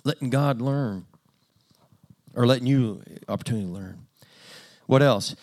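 A man's voice: medium pitch, unhurried, darkish tone. A man preaching a conversational sermon in a plain-spoken, self-deprecating way with dry humor.

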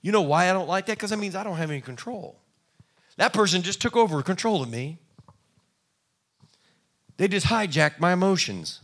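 Folksy male preacher, higher voice. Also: animated, moderate pace, long pauses, fairly bright tone. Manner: conversational preaching, folksy asides, acts out quotes. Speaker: pastor. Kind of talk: sermon.

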